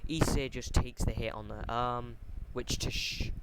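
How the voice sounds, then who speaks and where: Man, casual storyteller, halting and full of ums, middle pitch, noisy home mic. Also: fairly even intonation, creaky. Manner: hesitant, full of ums and restarts. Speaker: fan-fiction storyteller. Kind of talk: casual rambling retelling.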